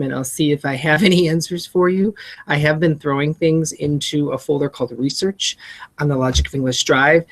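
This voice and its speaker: Pitched in the middle range, this voice belongs to a reading teacher prepping a spelling lesson with colleagues. Words are spelled out letter by letter and each syllable is clearly enunciated, with friendly asides mixed in.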